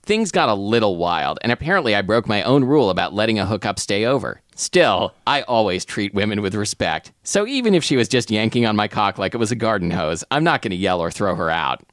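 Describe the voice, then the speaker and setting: A man co-hosting a comedy podcast, reading a book aloud in a wry, deadpan way and breaking into laughter. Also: lowish voice, brisk, hardly any pauses, dry recording, studio quality. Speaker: podcast co-host.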